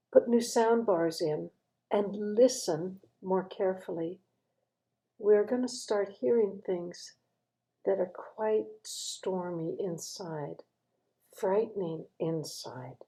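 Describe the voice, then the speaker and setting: A woman's voice: mid-range voice, warm tone, rough recording. A woman giving a thoughtful devotional reflection, sometimes dropping to a near-whisper for emphasis.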